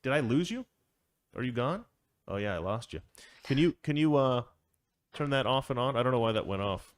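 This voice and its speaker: A man's voice: medium pitch, animated, brisk, dry recording. A man hosting a casual political commentary show, opinionated and rambling, chuckling often as he talks. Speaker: show host.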